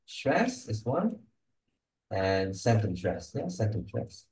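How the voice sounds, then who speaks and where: A pronunciation tutor speaks slowly in a mellow, dark, lowish voice whose pitch swoops wildly. Working one-on-one, he models words and checks in often with "yeah?" and "okay?", and the room echoes.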